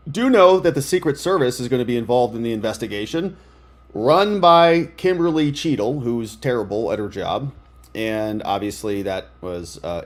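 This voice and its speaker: Guy on a live political stream, sarcastic and worked up, reading news out loud, middle pitch. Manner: sarcastic, excitable, reads news aloud. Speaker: lawyer and political commentator.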